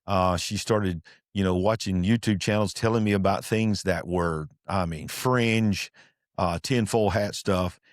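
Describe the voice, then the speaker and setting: Middle-aged man, very low voice, earnest storyteller who restarts a lot, dry close recording. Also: fairly even intonation, no room sound. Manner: earnest, halting with many restarts and fillers. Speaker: pastor, podcast guest. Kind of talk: casual storytelling interview.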